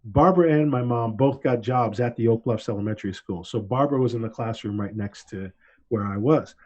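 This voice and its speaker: A relaxed man spins a story on a podcast, slipping into lively voices when he quotes people. The audio is a little dull and lo-fi. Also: mid-range voice, brisk. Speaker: podcast host. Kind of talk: casual storytelling chat.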